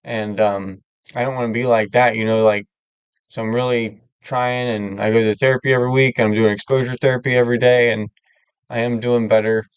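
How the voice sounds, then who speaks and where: A man's voice: medium pitch, little pitch movement, a little fast, clear, resonant tone, dry recording, dull audio. A man hosting a live stream, talking candidly and rambling with many filler words in casual chat. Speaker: livestream host.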